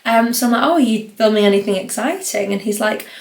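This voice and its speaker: A woman's voice: a little high, fast, vocal fry, darkish tone. A young woman from the North East of England, hosting her podcast in a rambling, chatty way with lots of fillers. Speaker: podcast host. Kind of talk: casual solo podcast chat. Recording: roomy echo.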